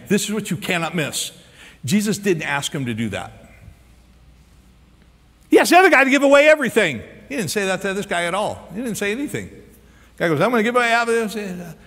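An American man preaching a sermon as pastor, animated and acting out quotes and asides, recorded live in a large church auditorium on a stage microphone. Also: fairly high pitch. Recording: live sermon with long hall reverb.

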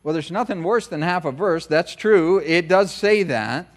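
A man's voice: a little high, lively intonation, measured pace. A middle-aged American man preaching a conversational sermon as pastor, often acting out short voices of other people. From United States.

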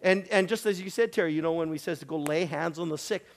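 A middle-aged man preaching in church, telling testimony stories in an animated way and laughing often. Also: a little high, fast. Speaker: visiting preacher. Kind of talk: sermon sharing testimonies.

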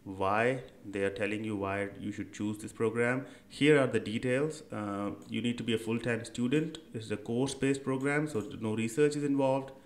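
A young man hosting an education channel, talking through a screen-share tutorial in a casual, conversational way with many fillers and "right?" check-ins. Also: medium pitch.

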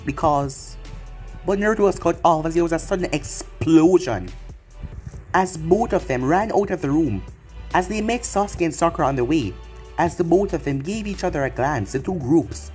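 A man reading a fan fiction story aloud, steady and plain. His voice is a little higher than most men's, and soft music plays faintly behind him. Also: normal speed. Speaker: narrator.

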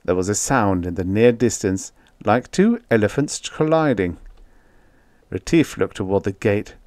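A man narrating a science fiction audiobook in an expressive, lively reading. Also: lowish voice, measured pace, no room sound, clean studio sound.

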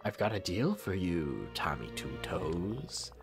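A man's voice: deep voice, huge pitch swings, slow pace, creaky, over music, pitched below the performer's own voice, heavily acted. A man voicing an elderly miserly cartoon duck tycoon, reading the game's lines aloud in a mock-grand voice.

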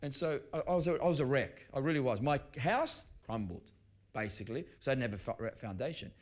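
A man's voice: medium pitch, animated, a little fast. A middle-aged man preaching a sermon, conversational, often restarting his sentences as he tells personal stories. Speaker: pastor. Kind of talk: sermon teaching.

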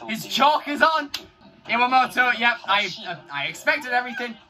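A young man reacting to a trailer on his channel, excitable, shouting and rattling on like a hyped-up fan. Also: extremely high pitch. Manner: excitable, shouts and laughs, rapid fan chatter.

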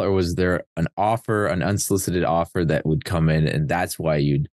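A podcast host with a very deep male voice asks probing questions and often restarts them. His voice sounds dry and close, with little room sound. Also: fairly even intonation, moderate pace, few pauses, darkish tone, no room sound.

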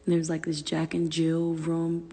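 A woman talks slowly and unhurriedly in a low, gravelly, husky voice, venting to viewers on a phone livestream. She swears freely, sounds exasperated, and keeps slipping into hushed whispered asides. Her voice rings with a long reverb from the room. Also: monotone.

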